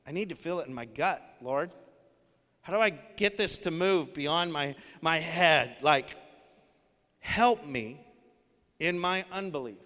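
High-voiced guy preaching, chatty and earnest, big echoey church hall. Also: lively intonation, takes it slowly, pauses often, sharp tone. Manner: earnest, conversational preaching with casual fillers. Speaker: pastor. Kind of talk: sermon. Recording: long hall reverb.

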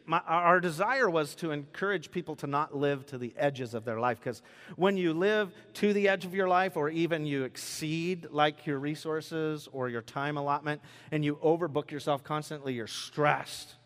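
Male pastor, chatty and joking, slightly raised pitch, echoing sanctuary. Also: normal speed, fairly bright tone. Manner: conversational, joking, acts out quoted voices. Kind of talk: sermon. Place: church sanctuary. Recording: preached in a large reverberant hall.

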